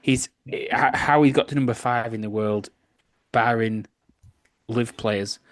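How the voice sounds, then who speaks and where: A man co-hosting a golf podcast, giving his picks in a dry, sarcastic, measured way. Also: medium pitch, no room sound. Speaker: podcast co-host. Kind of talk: casual podcast chat.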